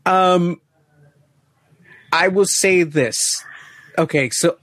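A man's voice: high voice, very slow, fairly bright tone, dry recording. A man co-hosting a casual podcast trivia game, chatty and full of fillers and self-corrections. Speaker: quiz co-host.

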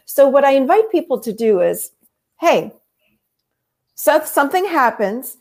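Animated middle-aged woman therapist. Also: high-pitched, normal speed. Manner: animated, explanatory, acts out quotes. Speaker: therapist, interview guest. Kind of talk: conversational interview.

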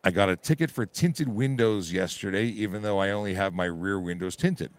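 A hoarse man, a police constable from Canada, explaining traffic rules informally on a live radio call-in from a busy auto show. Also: low-pitched, a little fast, no room sound.

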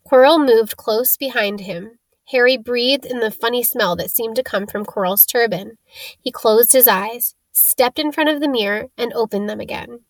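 A woman narrating a story for an audiobook in a steady, clear manner. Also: a little high, normal speed, dry recording. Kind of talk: scripted narration.

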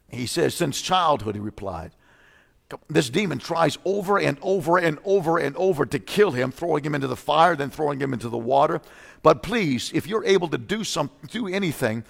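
A male preacher delivering a fervent sermon, swinging from loud outbursts to low, intense teaching, often clearing his throat. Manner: frequent throat clearing and repeated "come on now". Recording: long reverb of a large hall.

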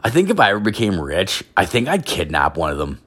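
A man's voice: deep voice, huge pitch swings, fast talker, a bit bright, husky. A man ranting casually, rambling with constant filler words and heavy swearing. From Canada. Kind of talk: profane casual rant.

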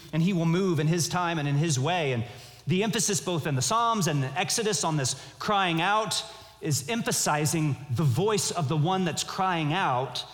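A man preaching a sermon in an earnest, measured way, often restarting his phrases. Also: a little high, in a large hall. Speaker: pastor.

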